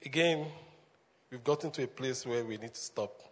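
A man preaching as a pastor, animated, laughing often and calling the congregation to answer back. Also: mid-range voice, moderate pace. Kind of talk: sermon. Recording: long hall reverb.

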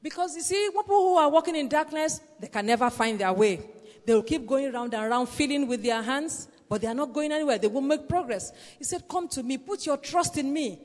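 A woman's voice: high voice, animated, brisk, darkish tone. A woman preacher giving an earnest sermon, repeating phrases and calling out praise as she exhorts the congregation. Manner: earnest, repetitive exhortation with "Praise the Lord" interjections. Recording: long hall reverb.

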